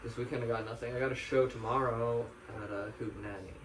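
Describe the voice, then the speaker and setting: A man's voice: medium pitch, steady tone, fast, a little hiss or hum. A man who does stand-up tells loose, rambling stories in a laid-back, casual way. He sits away from the mic, and a roomy echo hangs on every line. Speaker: stand-up comic. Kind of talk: casual chat. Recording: echoey room, mic at a distance.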